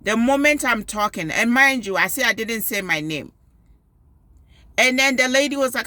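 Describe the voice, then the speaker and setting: A woman and school parent telling a story with animated emphasis, giving advice in a personal video. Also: a little high, moderate pace, no echo. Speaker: parent and PTO volunteer.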